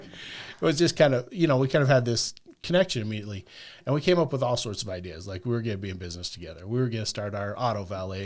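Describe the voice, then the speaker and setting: Low-voiced man telling a rambling story. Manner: rambling, peppers talk with "like" and "right?". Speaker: podcast guest. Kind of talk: casual storytelling chat.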